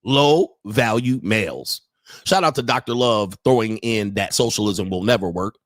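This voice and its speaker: A man hosting his own livestream, ranting in a casual, profane and mocking way and filling pauses with "all right" again and again. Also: lowish voice, dry recording. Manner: keeps saying "all right". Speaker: livestream host.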